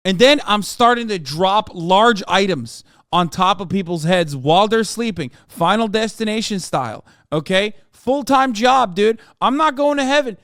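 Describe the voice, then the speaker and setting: A man in his thirties rants through a reaction stream, swearing freely and climbing into loud, excitable bursts. His voice sits fairly high for a man and comes through smooth and clear. The close mic gives a dry, intimate sound with no room around it. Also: normal speed, hardly any pauses, dry recording. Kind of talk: casual profane reaction commentary.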